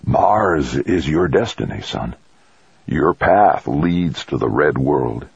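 A man voicing a frail, dying old grandfather with a feeble, croaking voice, speaking slowly and faintly, as if from far off. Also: a bass voice, lively intonation, dry recording, exaggerated voice. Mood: faint tender. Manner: slow, faint, breathy and far-off. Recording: dull lo-fi dry recording.

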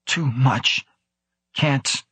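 A man's voice: mid-range voice, very slow, sharp tone, husky, no room sound, voice pushed up, exaggerated voice. A man voicing a frightened male scientist who gasps and speaks shakily in broken phrases. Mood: gasping. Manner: gasping, shaky.

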